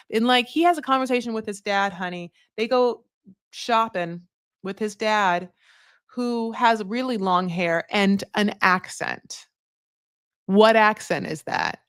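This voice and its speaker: A woman talks through a reality TV recap in a chatty, sassy way, tossing in swear words and calling people honey. Her voice sits at an ordinary middle pitch. The recording is dry and close, with no room echo. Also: unhurried, a bit bright, clean tone. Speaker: TV recap host.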